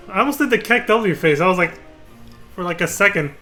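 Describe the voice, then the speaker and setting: A man's voice: high-pitched, expressive, a little fast, bright, forceful tone, soft background music. A man streaming a video game live, chatting casually and cursing often. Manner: casual, profane, laughs often.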